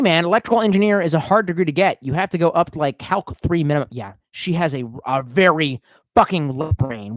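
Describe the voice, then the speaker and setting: A tipsy man with a voice on the high side streams live, reading out chat and rambling off the cuff. He's profane and swerves between mumbles and outbursts, and the recording has no room sound.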